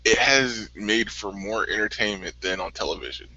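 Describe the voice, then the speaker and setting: Easygoing man from the Midwest, lively voice. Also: lowish voice, normal speed. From American Midwest. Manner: easygoing, laughs often, repeats words when starting a thought. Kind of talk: casual chat. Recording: dry, dull lo-fi audio.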